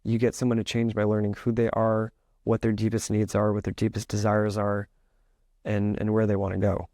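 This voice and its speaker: Casual, rambling man with a low voice. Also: monotone, brisk, a little mellow, no echo, clean studio sound. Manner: rambling, heavy use of "like", acts out inner thoughts. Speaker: podcast guest, author and musician. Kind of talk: casual interview talk.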